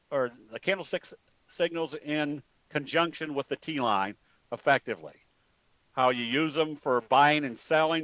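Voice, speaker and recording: A man teaching trading in a plain-spoken, folksy way, pausing often with fillers. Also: medium pitch, fairly bright tone, no room sound, poor audio. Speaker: trading educator. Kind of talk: webinar talk with a told joke.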